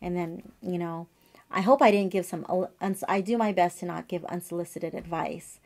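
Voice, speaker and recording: Her voice is on the low side, gravelly and darkish, moving at normal speed. A woman in her 40s who works as an acupuncturist, she sits in her office telling the camera a wandering personal story, loaded with fillers and side comments, as casual advice.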